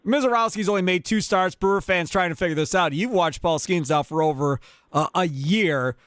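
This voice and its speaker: A man's voice: high voice, fairly quick, a bit bright, no room sound, studio quality. A male sports radio host interviewing a guest in a conversational way. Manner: conversational, leading questions.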